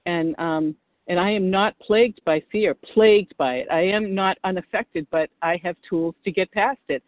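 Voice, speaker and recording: A woman's voice: on the low side, no room sound. An older woman speaks earnestly, stopping and restarting her sentences as she shares her story with a recovery group. Her voice comes through a narrow, tinny phone line with no room sound around it. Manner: earnest, halting, frequent restarts. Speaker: recovery meeting member. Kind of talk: personal share on a phone meeting.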